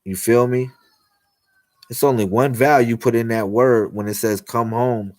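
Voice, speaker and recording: Talking to his livestream viewers, a young man preaches about God and miracles, loose, slangy and repetitive. His medium-pitched voice is steady and a little mellow at a normal speed, recorded with no room sound.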